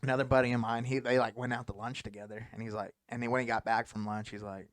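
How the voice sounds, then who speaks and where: A man's voice: medium pitch, flat delivery, quick pace, hardly any pauses, no room sound, studio quality. A man hosting a casual podcast, telling long profane stories and laughing often. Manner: rambling, profane storyteller who laughs often. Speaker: podcast host.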